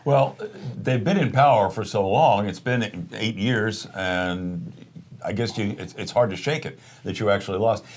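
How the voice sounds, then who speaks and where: Low-voiced man steering a political chat. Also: unhurried, a little hiss or hum. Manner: steady, conversational, leads topics with brief agreements. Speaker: co-host.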